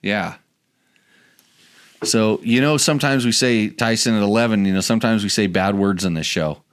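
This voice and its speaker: A man's voice: on the low side, normal speed, clean tone. A man hosting a casual podcast chat, rambling and restarting his sentences as he goes. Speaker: podcast host.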